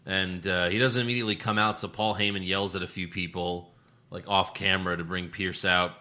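A man hosting a casual wrestling podcast, animated and jokey as he recaps the shows. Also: low-pitched, brisk. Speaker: podcast host.

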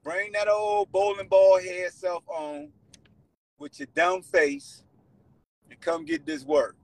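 Animated trash-talking man. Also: high-pitched, takes it slowly, vocal fry, no room sound. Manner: loud, playful, animated trash talk. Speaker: host. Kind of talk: hyped-up sports trash talk on a call-in show.

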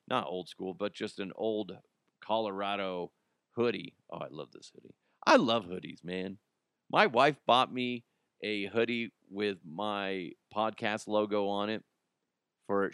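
Joking podcast host, dry close sound. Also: male voice, fairly low pitch, a bit bright, clean tone, dry recording. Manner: joking, rambling, laughs at own jokes. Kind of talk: casual solo podcast monologue.

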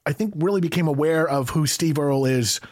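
A man's voice: a little high, fairly quick, no echo, studio quality. A man co-hosting a casual comedy podcast, teasing the others. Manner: teasing, animated. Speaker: podcast co-host.

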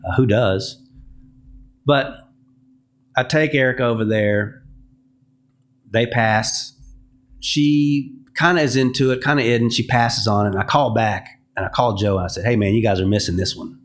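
A man's voice: mid-range voice, moderate pace, pauses often. A man, a music publisher, giving a podcast interview and telling candid stories, acting out what people said to him. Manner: candid storytelling, acts out quoted dialogue.

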